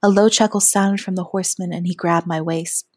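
A woman narrating a first-person adult audio story in a soft, often half-whispered delivery. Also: on the low side, fairly even intonation, a little fast, no room sound, clean studio sound.

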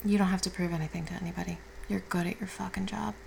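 A woman playing a caring girlfriend who has just woken up, speaking softly and reassuringly with casual swearing in an audio role-play. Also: fairly low pitch, steady tone, quick pace, gravelly, slight background noise, poor audio. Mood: tender. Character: affectionate young woman, the listener's caring girlfriend.

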